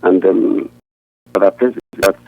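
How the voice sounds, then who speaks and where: A man, a pastor, answering interview questions in an earnest, halting way with frequent restarts. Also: sits low, a little mellow, no echo. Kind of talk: answering questions over a phone line. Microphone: phone. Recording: tinny dry phone line.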